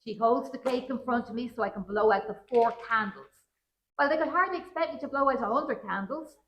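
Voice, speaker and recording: A woman reads a story aloud, her voice sitting a little high. She tells it in a dry, wry first-person way, and the big room around her rings with echo. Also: a little fast, dull audio. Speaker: children's author. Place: large roomy museum hall at a public event. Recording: roomy event hall.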